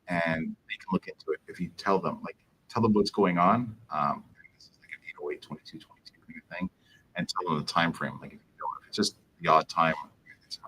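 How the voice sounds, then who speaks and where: A man, a police officer, hosting a casual livestream Q&A, talking in a rambling, halting way full of fillers. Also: deep voice, bright, forceful tone, a little hiss or hum, low-quality recording.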